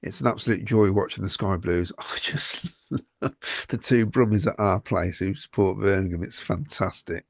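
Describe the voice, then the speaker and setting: A man's voice: sits low, steady tone, normal speed, creaky, dry recording, clean studio sound. A man co-hosting a fan podcast, reading out viewer comments with frequent ums and chuckles in casual chat.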